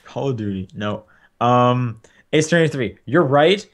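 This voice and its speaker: A young man talks casually about games on a podcast, his voice sitting at an ordinary middle pitch. He rambles loosely, piling up fillers and restarts as he thinks aloud. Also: animated, a little slow. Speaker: podcast co-host. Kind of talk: casual game chat.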